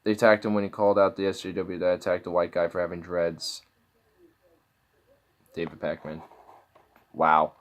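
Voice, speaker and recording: A man's voice: sits low, flat delivery, normal speed, long pauses. A man casually reacting to online videos, mocking and incredulous, swearing freely as he clicks through.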